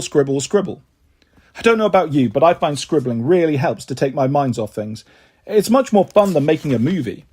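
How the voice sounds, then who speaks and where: Husky, lively storyteller man. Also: on the high side. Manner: animated first-person narration, playful. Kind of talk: children's book read-aloud.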